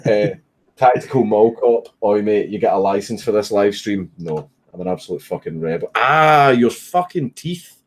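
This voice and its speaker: A man's voice: on the low side, lively intonation, normal speed. A Scottish man on a casual livestream, swearing often and laughing through his stories while reading comments. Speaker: streamer. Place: home, at a computer, with a puppy. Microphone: desk microphone.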